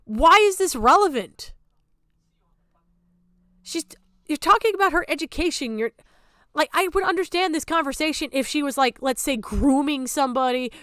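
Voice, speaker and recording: Woman streamer, high pitch, dry close sound; sarcastic, profane, exasperated ranting commentary. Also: lively intonation, normal speed, fairly bright tone, no room sound.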